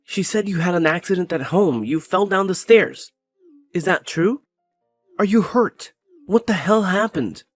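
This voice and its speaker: Callous young husband played by a man: brushes things off, blames, mid-pitched voice, soft music bed. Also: animated, natural voice. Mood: alarmed. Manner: cold, scornful, quick to blame.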